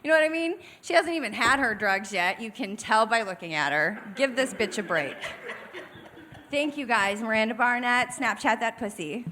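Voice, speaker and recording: A young woman tells a raunchy stand-up story from a comedy club stage. Her voice is bright and forceful, pitched a little high, and she swears freely while acting out the people in the tale. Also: lively intonation, normal speed, slight background noise. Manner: brash, profane, acts out voices in the story.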